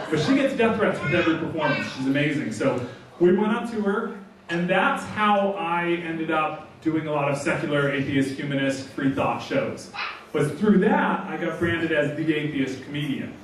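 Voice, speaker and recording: A man tells stand-up stories as a guest comedian, his voice a little high and full of quick joking asides. He sounds distant from the microphone, carried by a strongly echoing hall. A faint hiss sits underneath. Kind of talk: stand-up storytelling. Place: large hall. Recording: echoey hall, mic from far off.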